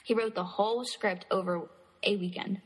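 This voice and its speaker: A woman co-hosting a podcast, reading trivia items from a list in a relaxed way. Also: medium pitch, moderate pace, big-room sound, rough recording. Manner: reads trivia from a list, laughs easily. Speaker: podcast co-host. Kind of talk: casual podcast chat.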